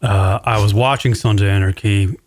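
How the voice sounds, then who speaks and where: A man's voice: lowish voice, steady tone, normal speed. A man hosting a call-in radio show, ranting casually and swearing constantly as he rambles. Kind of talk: casual profane radio chat.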